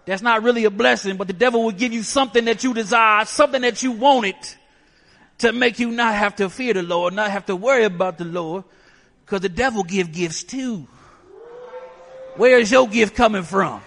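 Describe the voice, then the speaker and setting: A man's voice: high voice, normal speed, gravelly, fairly bright tone. A man preaching a sermon emphatically, asking the listeners rhetorical questions. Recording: long hall reverb.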